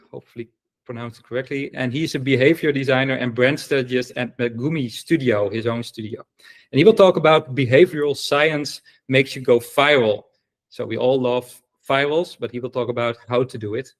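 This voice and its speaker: A man's voice: medium pitch, fairly quick. A man hosting an online event, introducing speakers enthusiastically with many fillers. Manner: enthusiastic, filler-heavy, stumbles over names. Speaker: event host.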